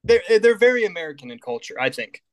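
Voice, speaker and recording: A man's voice: high-pitched, big pitch swings, quick pace. A young man co-hosting a casual motorsport podcast, easygoing and joking. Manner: easygoing, joking, laughs at own lines. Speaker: podcast co-host. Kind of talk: casual chat.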